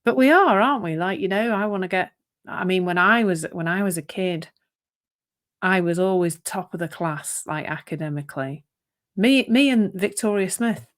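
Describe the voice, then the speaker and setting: A woman with a lowish voice talks through her thoughts in a relaxed podcast chat. She wanders, backtracks and laughs often, sounding open and reflective. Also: moderate pace. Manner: thoughtful, rambling, laughs easily. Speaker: podcast co-host. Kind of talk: casual reflective conversation.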